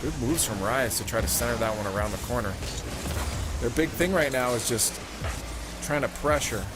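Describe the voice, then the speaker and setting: A man casting esports play-by-play in a steady running narration. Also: medium pitch, normal speed, very noisy. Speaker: play-by-play caster. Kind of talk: play-by-play commentary.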